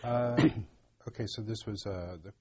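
Male interviewer, stumbling questions, somewhat low voice, muffled recording. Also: steady tone, a little slow, a loud crowd. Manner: stumbling restarts while probing with questions. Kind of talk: oral history interview. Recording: dull lo-fi recording.

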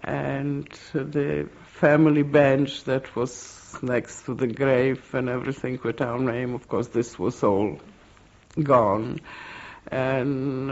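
An older woman from Poland, giving oral history testimony in an interview, speaking in a slow, halting, reflective way. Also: extremely low pitch, a little mellow. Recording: dull lo-fi recording.

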